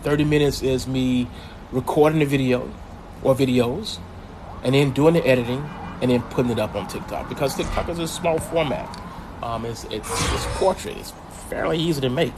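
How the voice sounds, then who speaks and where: A man's voice: mid-range voice, normal speed, background noise. Rambling older male game streamer. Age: older adult. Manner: rambling, full of ums and restarts. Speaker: mobile racing game streamer. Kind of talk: casual livestream commentary.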